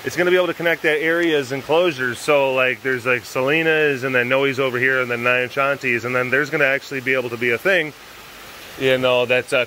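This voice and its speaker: A man's voice: mid-range voice, pushed and bright, slight background noise, poor audio. A man vlogging casually outdoors at a wild animal facility, rambling playfully with lots of fillers. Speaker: big cat keeper and vlogger. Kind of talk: casual vlog talk.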